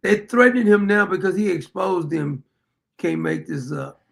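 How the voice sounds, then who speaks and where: A man's voice: high voice, animated, moderate pace, creaky. A man hosting a livestream who laughs, exclaims and mocks the clips he plays. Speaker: livestream host. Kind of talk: mocking livestream commentary.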